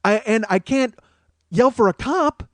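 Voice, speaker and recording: High-voiced, profane man telling a story. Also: measured pace, no room sound. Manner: profane, animated, rising to shouting as the story builds. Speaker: podcast host. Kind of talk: comic storytelling.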